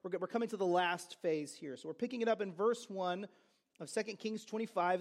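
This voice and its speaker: High-voiced male pastor, chatty sermon. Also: a little fast. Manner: conversational storytelling, joking asides. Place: church service.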